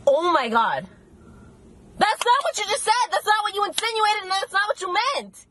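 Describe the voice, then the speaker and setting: Woman in a comedy skit, very high bright voice, lively, incredulous and exasperated. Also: moderate pace.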